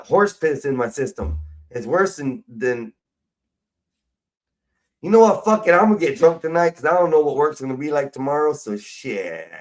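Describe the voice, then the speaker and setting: A man's voice: mid-range voice, recorded from a distance. Rambling profane man. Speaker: livestream host. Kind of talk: rambling casual livestream talk.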